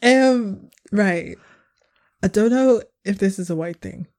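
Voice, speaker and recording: A young British woman co-hosting a casual podcast chat, animated and quick to laugh. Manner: animated, laughs often, acts out quotes in high voices. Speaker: podcast co-host.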